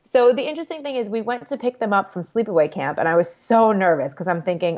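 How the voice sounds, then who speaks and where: Fast-talking woman on a lo-fi line. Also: medium pitch, a little mellow. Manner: fast, candid storytelling with frequent fillers. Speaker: guest. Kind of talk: conversational interview. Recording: dull lo-fi audio.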